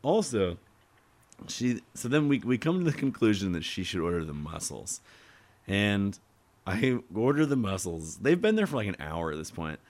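A man with a very low voice talks casually over beers, spinning restaurant anecdotes. He acts out the people in his stories with lively impressions. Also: moderate pace. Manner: animated storyteller, acts out customers. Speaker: podcast guest.

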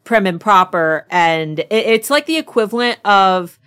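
A woman's voice: medium pitch, lively intonation, a little slow, fairly bright tone, clear, resonant tone. Giggly American woman, teasing. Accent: American English. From United States. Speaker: podcast co-host. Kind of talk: casual chat.

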